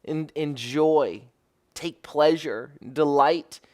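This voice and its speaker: A man's voice: a little high, very slow, darkish tone. A man preaching a sermon as rabbi, explaining Hebrew words and often asking "right?". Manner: teaching Bible verses, explaining Hebrew words; repeats and restarts phrases, asks "right?".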